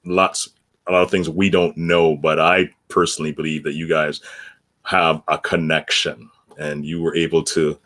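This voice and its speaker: A man co-hosting a talk show, calm and affirming in casual chat. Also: extremely low pitch, normal speed. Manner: calm, brief affirming replies.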